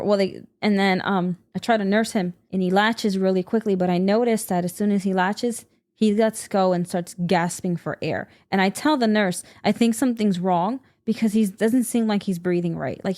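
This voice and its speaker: A woman's voice: medium pitch, a little mellow. Woman telling a heated personal story. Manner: emotional, heated personal storytelling with frequent restarts. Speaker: podcast co-host. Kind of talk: casual podcast conversation.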